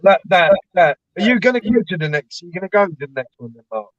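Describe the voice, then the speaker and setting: A man's voice: sits high, very animated, fast talker, a bit bright, no room sound. A man telling rambling, laughing anecdotes as co-host of a live stream. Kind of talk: casual storytelling chat. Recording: dull lo-fi dry stream audio.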